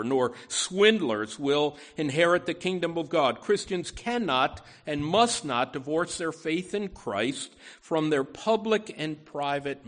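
Slow, earnest preaching man. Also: on the high side, fairly bright tone. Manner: earnest preaching with frequent "you know" and restarts; slow, deliberate delivery with emphatic rises. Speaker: pastor. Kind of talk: sermon.

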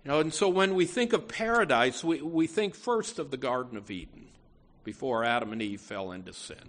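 A man's voice: mid-range voice, lively intonation, normal speed, a bit bright. A man preaching a sermon in an earnest, emphatic way, often restarting phrases and saying "you know".

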